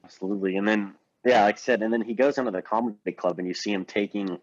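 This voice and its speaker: A fast-talking man with a fairly low pitch co-hosts a podcast, drifting through a casual film discussion full of fillers. The audio is dull and lo-fi.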